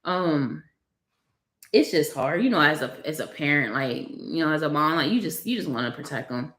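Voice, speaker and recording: Speaking low with lively intonation and a moderate pace, a slightly bright-voiced young mother confides in her vlog viewers. She's at home, her baby on her lap, tearful and close to tears; she has three kids.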